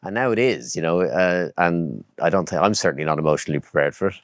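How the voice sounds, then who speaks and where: A playful man jokes through his interview answers as an actor guest. His voice is deep but swings in a lively way, and the sound is dry. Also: quick pace, no room sound. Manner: playful and joking.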